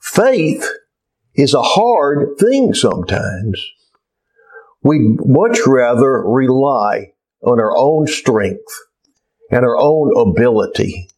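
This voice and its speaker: A man preaching a sermon at a slow, deliberate pace. His pitch rises and falls a lot as he tells a story and draws out his points. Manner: unhurried storytelling with lively pitch. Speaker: pastor.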